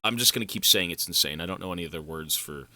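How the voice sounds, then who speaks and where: A male live streamer chatting casually and thanking donors, excitable and effusive, swearing freely. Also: sits low, quick pace, dry recording.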